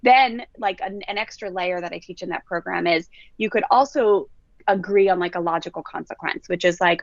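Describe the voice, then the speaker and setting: A woman's voice: medium pitch, moderate pace, no echo, muffled recording. A woman parenting coach telling stories on a podcast, acting out children's voices as she goes. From Southern California. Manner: animated storyteller who acts out kids' voices. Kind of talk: podcast conversation.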